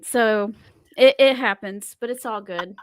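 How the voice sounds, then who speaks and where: A woman co-hosting a casual chat, chatty and quick to laugh. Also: on the high side, no room sound. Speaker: podcast co-host.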